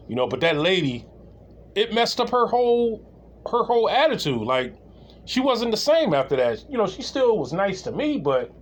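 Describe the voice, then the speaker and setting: A man telling a comedic anecdote in a casual, rambling way, with many restarts and laughs. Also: sits high. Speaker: storyteller.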